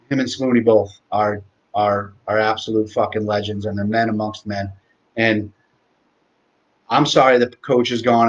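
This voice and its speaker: A man's voice: medium pitch, dull audio. A man in his forties hosting a live stream, rambling through a heartfelt tribute and swearing freely. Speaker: host. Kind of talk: casual live-stream talk.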